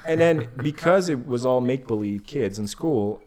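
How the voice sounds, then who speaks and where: A man telling a story in casual chat, animated, swearing a lot and acting out the people in it. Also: medium pitch, moderate pace. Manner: animated, swears a lot, acts out the voices in his stories. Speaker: podcast guest.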